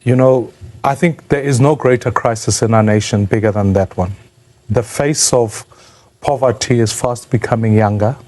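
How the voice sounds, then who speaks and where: A man's voice: mid-range voice, moderate pace, a little mellow. A man from South Africa giving an earnest, reflective answer in an interview.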